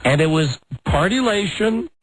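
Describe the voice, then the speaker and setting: A middle-aged American man hosting a radio talk show, telling a self-mocking story in a lively, animated way. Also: high voice, moderate pace, no echo, low-quality recording. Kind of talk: casual on-air storytelling.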